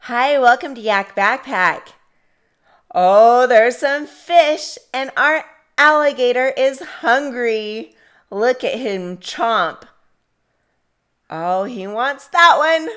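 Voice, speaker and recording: Woman, speech therapist, toddler word practice, very slow, smooth clear voice. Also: on the high side, fairly bright tone. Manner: slow, drawn-out words for children to repeat.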